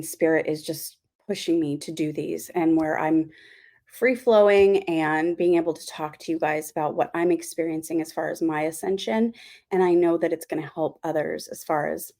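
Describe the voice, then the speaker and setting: A woman's voice: low-pitched, fairly even intonation, moderate pace, dark tone. A woman giving a casual spiritual talk as host of her channel, rambling with many fillers and apologies.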